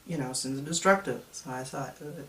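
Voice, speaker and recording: A man's voice: mid-range voice, moderate pace, creaky, fairly bright tone. A man in his thirties telling his own story in a reflective, confessional way. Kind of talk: personal testimony vlog. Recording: echoey room, mic at a distance.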